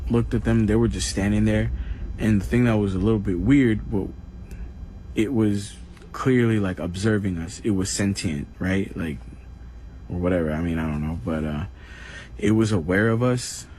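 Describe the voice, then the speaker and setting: A man with a low, dark voice telling about an eerie encounter. He rambles hesitantly, stopping often on fillers as he searches for his words. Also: normal speed, a little hiss or hum.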